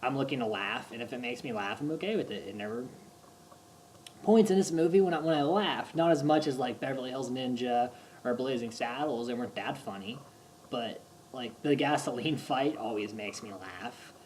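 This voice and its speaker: A man casually reviewing movies on his vlog, talking like an excitable, gushing fan with lots of rambling restarts. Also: medium pitch, moderate pace, slight background noise.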